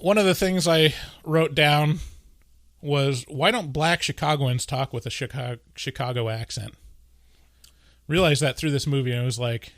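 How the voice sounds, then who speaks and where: A man with a slightly high voice, joking and rambling through a podcast chat. The sound is dry and close, with no room in it. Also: dry recording. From US West Coast. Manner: jokey, rambling, quick to laugh. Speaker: podcast co-host. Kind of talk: casual chat.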